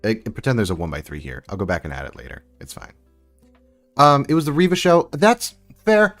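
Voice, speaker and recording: Low-voiced male streamer, chatty and rambling, talking to chat over soft music. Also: wildly swooping pitch, fast. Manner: chatty, rambling, answers chat while building. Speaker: livestream host building sets. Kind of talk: casual live-stream chat.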